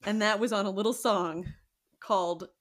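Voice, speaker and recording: A woman's voice: mid-range voice, fairly even intonation, normal speed. A woman co-hosting a podcast in casual chat, chatty and playful, laughing often. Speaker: podcast co-host.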